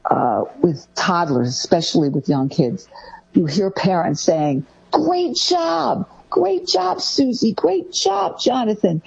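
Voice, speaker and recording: A woman's voice: mid-range voice, dark tone, slightly rough, lo-fi sound. A woman hosting a talk show, giving parenting advice and acting out the phrases parents say to their kids. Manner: acts out parents' phrases in a raised voice. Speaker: host.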